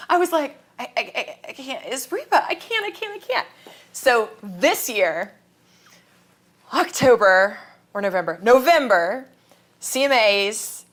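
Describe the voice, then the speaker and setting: A woman's voice: mid-range voice, a bit bright. A woman from Kansas, a guest in a casual interview, telling stories animatedly, acting out quotes and laughing often.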